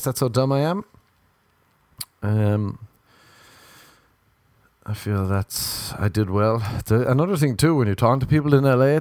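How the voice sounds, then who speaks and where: Sweary Irish guy ranting, low voice. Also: darkish tone, no echo. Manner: sweary, self-mocking, acts out voices. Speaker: comedic monologuist. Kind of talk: casual comedic rant.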